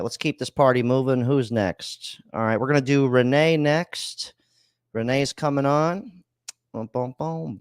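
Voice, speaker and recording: A man's voice: mid-range voice, no echo, studio quality. A man hosting a call-in podcast, ranting bluntly and swearing about living costs in casual chat. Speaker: podcast host. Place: home studio, Florida.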